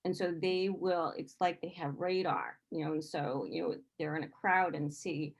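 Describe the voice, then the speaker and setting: A woman's voice: low voice, normal speed. A woman who works as a grief therapist, speaking frankly and plainly in a casual podcast discussion. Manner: frank, talks openly and plainly.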